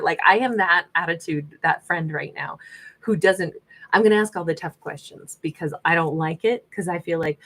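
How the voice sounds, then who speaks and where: A woman with a fairly low voice talks through a tarot reading in a sassy, animated way. She drops into the voices of the people she reads about as she goes. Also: normal speed, rough recording. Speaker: tarot reader.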